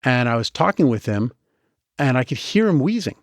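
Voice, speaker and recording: Male guest, animated storyteller, restarts a lot, mid pitch, dry close mic. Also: moderate pace, no echo. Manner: animated, chatty, with many restarts. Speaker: guest, medical device inventor. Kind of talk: storytelling in a podcast interview.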